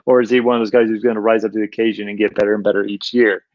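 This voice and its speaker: A man's voice: on the low side, little pitch movement, racing, darkish tone, no echo. A man co-hosting a casual sports talk show, rambling and emphatic, repeating himself as he makes his points. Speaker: sports podcast co-host. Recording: dull, lo-fi dry sound.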